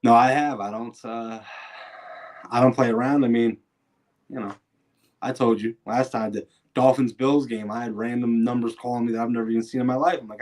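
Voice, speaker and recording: A man from New York State co-hosting a live game reaction, talking in a loose, conversational way. He starts his sentences again and again as he winds into a story. His voice sits at an ordinary middle pitch. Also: fairly quick. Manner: relaxed storyteller, often repeating words as he starts a sentence. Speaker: co-host. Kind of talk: casual sports watch-along chat.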